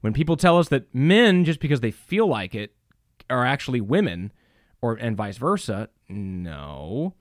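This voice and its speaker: Middle-aged guy preaching, animated tone, dry sound, lots of ums. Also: mid-range voice, moderate pace, dry recording. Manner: emphatic, rhetorical questions, many fillers. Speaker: church speaker. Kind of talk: preaching talk.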